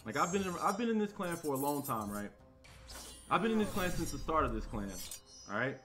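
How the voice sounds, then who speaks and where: A male game streamer and loud talker, ranting in a heated, defensive way while he plays. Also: a little high, big pitch swings, brisk, faint music behind. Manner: heated, defensive, sets the record straight. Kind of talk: live-stream rant while playing.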